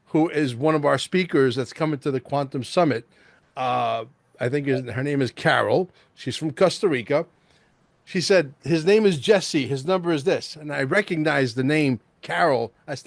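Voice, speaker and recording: A male host in casual interview chat, excitable and rambling, peppering his talk with "bro" and "like". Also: a little high, creaky, no echo.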